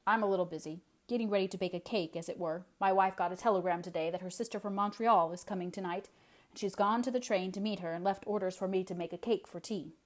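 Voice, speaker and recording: A woman's voice: medium pitch, fast, close to an everyday voice. Woman doing a meek, flustered farmer man. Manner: polite, flustered.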